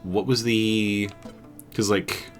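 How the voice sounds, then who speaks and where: A man's voice: lowish voice, little pitch movement, slow pace, soft background music. A man streaming a game, casually muttering and laughing to himself with offhand swearing. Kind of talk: casual live gameplay commentary.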